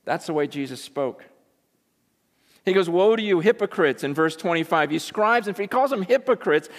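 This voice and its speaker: A man preaching a sermon, emphatic, dropping from loud bursts to hushed, intense asides. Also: on the high side, normal speed, long reverb tail.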